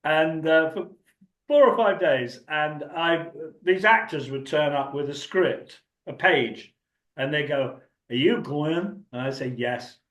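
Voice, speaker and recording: Older actor guest, rambling anecdotes, slightly higher voice, echoey room. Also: male voice, unhurried, fairly bright tone, a little hiss or hum. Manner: chatty, rambling, laughs often. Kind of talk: anecdotal storytelling.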